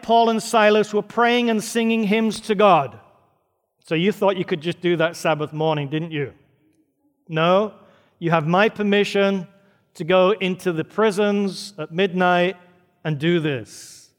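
A man preaching a sermon, retelling a story with dramatic, varied pacing. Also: high voice. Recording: reverberant church hall.

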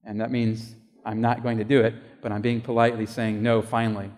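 A man's voice: lowish voice, little pitch movement, a little fast, darkish tone. A male pastor preaching a sermon, telling a personal story in a conversational way and acting out the voices of people in it. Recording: long hall reverb.

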